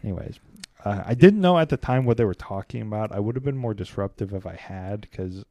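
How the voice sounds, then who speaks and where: A man's voice: lowish voice, lively intonation, fairly quick, warm tone, no echo. A man from Kansas City co-hosting a podcast, telling rambling stories in a wry, irreverent way. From Kansas City, USA. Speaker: podcast co-host. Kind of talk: casual podcast chat.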